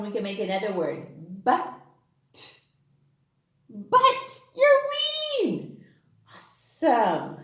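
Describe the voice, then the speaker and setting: A kindergarten teacher speaking at a medium pitch runs an online phonics lesson for young kids, sing-song and bursting with gasps and excited exclamations. The audio echoes around the room.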